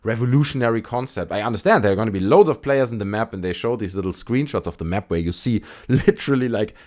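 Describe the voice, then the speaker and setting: A man's voice: on the low side, animated, quick pace, darkish tone. A man giving blunt, sarcastic, opinionated commentary on video games as a YouTuber. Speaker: gaming YouTuber.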